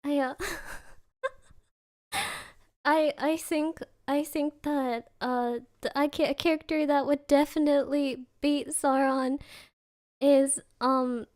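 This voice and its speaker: A high-pitched woman chats casually as a streamer. She talks at an unhurried pace and keeps dissolving into giggles. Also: little pitch movement. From Germany. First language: German. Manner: giggly, often breaking into laughter. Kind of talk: casual chat.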